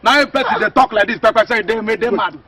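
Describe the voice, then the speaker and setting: An actor with a Nigerian Pidgin accent playing a self-important village security chief who boasts and pushes. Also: male voice, sits high, fast talker, pushed and bright, husky, full character voice. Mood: gossipy. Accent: Nigerian Pidgin English. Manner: boastful, pushy.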